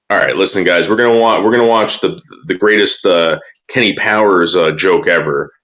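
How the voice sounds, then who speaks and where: A man's voice: low voice, moderate pace, hardly any pauses, a bit bright. A man casually chatting and telling a rambling, profane story while reacting to viewer comments.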